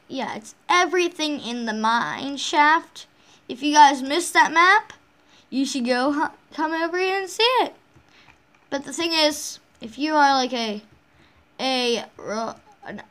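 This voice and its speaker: A woman's voice: high-pitched, fairly bright tone. A woman hosting a casual game walkthrough, rambling along with frequent restarts and self-corrections. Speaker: game channel host.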